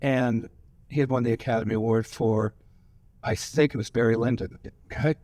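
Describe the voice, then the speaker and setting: This medium-pitched male voice is steady and darkish, moving at a moderate pace in a dry recording. It belongs to an older man, a guest actor at a screening Q&A, who tells loose, profane anecdotes with plenty of laughter in a rambling style on a cinema stage before a live audience.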